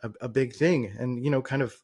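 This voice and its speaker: A man hosts a casual interview, relaxed and encouraging, often murmuring agreement. His voice has an everyday, mid-range pitch. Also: a little fast, husky. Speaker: podcast host.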